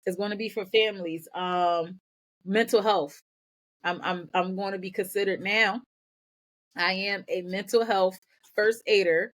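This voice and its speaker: A woman guest on a podcast, telling her own story in energetic bursts and often repeating words as she goes. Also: mid-range voice, measured pace. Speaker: podcast guest, nonprofit founder. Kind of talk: candid personal storytelling.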